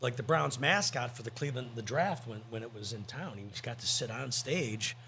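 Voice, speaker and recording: A man's voice: medium pitch, brisk, creaky, pushed and bright, a little hiss or hum. A man co-hosting a podcast, telling rambling, joking stories in casual chat. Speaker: podcast co-host.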